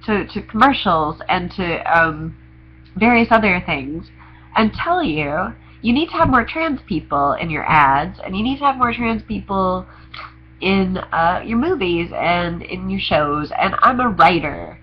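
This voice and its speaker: Speaking at a measured pace, a young trans man with a high, animated voice delivers a candid, rambling vlog monologue full of sarcastic jokes and confessions. The recording is muffled, with slight noise behind him.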